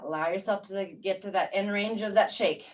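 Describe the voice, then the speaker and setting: Fitness instructor, woman, mid pitch; encouraging countdowns, recorded a bit away from the mic. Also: normal speed, distant mic. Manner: encouraging counting cues, calm coaching. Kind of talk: guided workout class.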